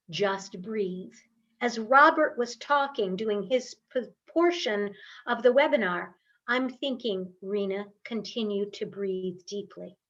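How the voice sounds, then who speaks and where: Woman voice coach, fairly high voice, unhurried calm guidance, dull lo-fi webinar sound. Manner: slow, calm, guiding instructions. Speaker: voice and speaking coach. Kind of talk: online workshop instruction with guided breathing.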